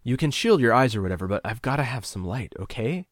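A man voicing a frightened young man of twenty, nervous and pitched up. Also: sing-song, quick pace, no echo, studio quality. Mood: uneasy. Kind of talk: audiobook character voice.

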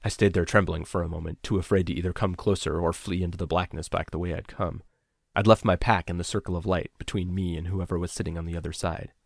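Deep, gravelly male horror narrator. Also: fairly even intonation, no room sound, clean studio sound. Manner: measured, dropping to a hush on tense beats. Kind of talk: first-person horror narration.

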